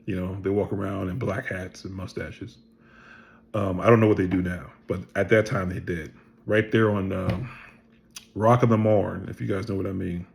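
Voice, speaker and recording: Middle-aged male storyteller, low and gravelly, casual and animated, acts out quoted dialogue. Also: normal speed. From Pennsylvania. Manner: animated storyteller who acts out other people's lines, swears freely. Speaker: vlogger telling his life story.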